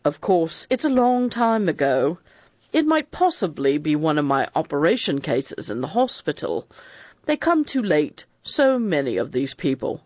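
A man's voice: a little high, wildly swooping pitch, moderate pace, darkish tone, no room sound. A man voicing a middle-aged male doctor who speaks in a composed, good-natured and evasive manner. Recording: dull, dry lo-fi recording.

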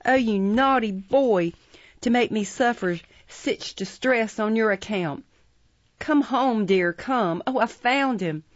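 A woman voicing a frantic young woman who loudly feigns grief over a runaway brother. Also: expressive, measured pace, no room sound, muffled recording, lightly acted. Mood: shrill pleading. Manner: shrill, wailing, theatrical.

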